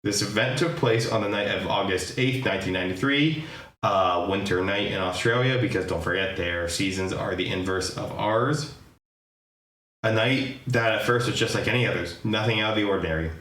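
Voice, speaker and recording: Low-voiced man hosting a podcast. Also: moderate pace, fairly bright tone. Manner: chatty storyteller, hedges and jokes. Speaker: podcast host. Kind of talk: casual chat. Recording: echoey room.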